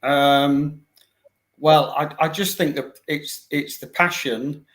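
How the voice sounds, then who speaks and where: Older man, fairly high voice, guest fan, casual chat, hesitant, halting. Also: fairly even intonation, a bit bright. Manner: hesitant, many fillers and restarts.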